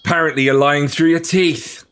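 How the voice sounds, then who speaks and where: Man voicing a shouty, sleep-deprived city guard in a fantasy tabletop game, high and forceful. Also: steady tone, moderate pace, a little hiss or hum, lightly acted. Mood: irritated. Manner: loud, accusing, barking questions. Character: gruff, irritable male city guard, woken up.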